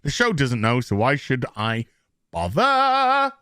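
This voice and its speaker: Sarcastic man with a lively voice. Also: medium pitch, smooth, dry recording, studio quality. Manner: sarcastic and profane; mocks scenes in quick put-on voices. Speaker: TV show reviewer. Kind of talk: casual recap rant.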